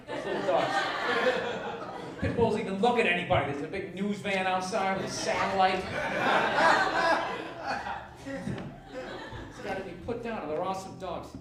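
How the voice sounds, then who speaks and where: Ranting man comedian, high voice, echoey stage. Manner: ranting, profane, sarcastic. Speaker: stand-up comedian. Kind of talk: stand-up routine. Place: stage before a laughing audience. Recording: echoey distant live stage recording, loud noise.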